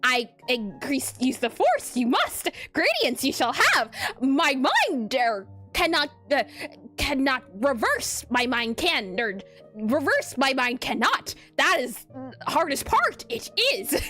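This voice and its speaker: A woman voicing a tiny ancient wise male alien master, talking with words in inverted order, halting and breaking into giggles, with faint music behind. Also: sits high, very animated, pushed and bright, heavily acted. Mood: playful.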